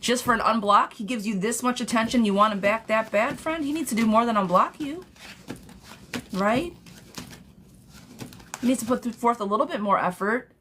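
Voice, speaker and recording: A woman's voice: moderate pace, pauses often, slight background noise. A woman hosting a live-stream tarot reading, talking bluntly and sassily to viewers and calling them girlfriend. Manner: bursts into high excited gushing.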